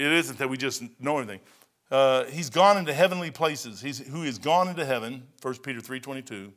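A man preaching a sermon in a church, his voice bright and forceful. He drives his points with emphatic repetition, rising to loud declarations and then dropping to near-mutters. His pitch sits in an ordinary middle range. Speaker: pastor.

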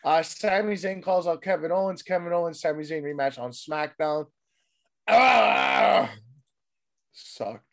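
A man with a voice gone hoarse, casually recapping a wrestling show with a friend, swearing freely and mimicking people in quick bits. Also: fairly high pitch, fairly even intonation. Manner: loose, profane, mimics people in quick bits, trails off mumbling. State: losing his voice. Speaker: podcast host recapping wrestling. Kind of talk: casual chat.

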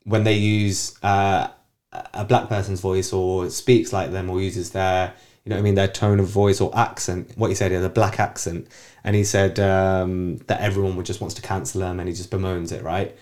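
A man's voice: deep voice, level tone, normal speed, darkish tone. A man hosting a casual chat podcast, teasing and arguing with his co-host. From United Kingdom. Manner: teasing, argumentative.

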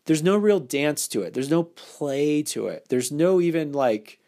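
A man's voice: a little high, lively intonation, a little slow, dark tone. A man hosting a casual advice podcast, talking playfully and acting out the lines he quotes, with many restarts. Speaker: podcast host.

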